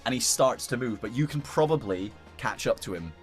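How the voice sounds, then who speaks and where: A man's voice: mid-range voice, lively intonation, a little fast, soft background music. A man narrating as game master, in loose, chatty narration full of fillers.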